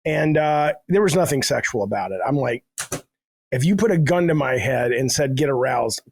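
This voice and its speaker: A man's voice: fairly high pitch, expressive, normal speed, darkish tone. A middle-aged man telling rambling, self-deprecating stories in a casual podcast chat, swearing freely. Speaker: guest, game developer.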